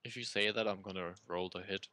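A man playing in a tabletop game, talking in a flat, matter-of-fact way. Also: deep voice, fairly quick, no room sound. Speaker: player. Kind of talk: casual tabletop game banter.

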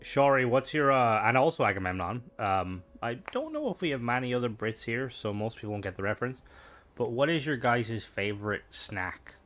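A man's voice: medium pitch, very animated, moderate pace, fairly bright tone. A young Irish man chatting casually with viewers while streaming a game, rambling from one thought to the next. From Ireland.

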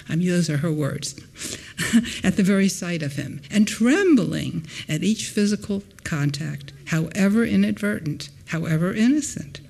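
Woman historian, lecture reading in a hall, expressive emphasis, brief asides to the audience. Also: vocal fry. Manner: expressive reading with wide swings in pitch and loudness; adds brief spoken asides between readings. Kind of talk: reading a prepared lecture aloud.

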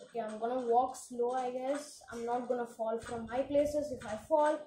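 A woman with a high voice rattles off casual commentary as she plays, jumpy and quick to exclaim. Her voice bounces around a roomy, echoey space with a faint hiss underneath. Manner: excitable, frequent exclamations. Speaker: gaming channel host.

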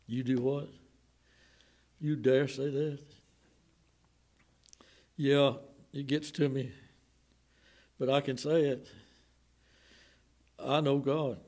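A man with a Southern American accent preaching a sermon in a church, swinging from loud outbursts to hushed, slowed lines. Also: medium pitch. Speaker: pastor. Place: church sanctuary.

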